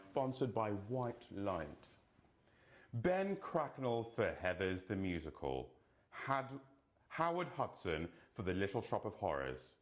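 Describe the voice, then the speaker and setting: A man with a lowish voice presents award nominations, pronouncing names deliberately and dropping in playful, camp jokes as he goes.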